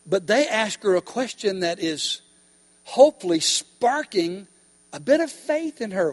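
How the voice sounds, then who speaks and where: Man, high voice, preaching a sermon, emphatic, asks the congregation questions, reverberant hall. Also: sing-song, unhurried.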